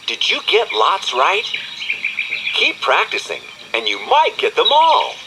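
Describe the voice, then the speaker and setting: A man's voice: high voice, huge pitch swings, slow, heavy background noise. A man giving scripted narration for a children's audio magazine, coaxing and talking straight to the young listener. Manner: sing-song, coaxing, speaks directly to the child. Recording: studio voice-over with background music. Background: music.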